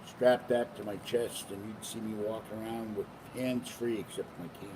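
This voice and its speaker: A man's voice: lowish voice, steady tone, normal speed, distant mic. Older man rambling at home. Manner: meandering, chatty, talks to his cats. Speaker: vlogger. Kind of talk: rambling casual vlog. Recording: noisy home recording.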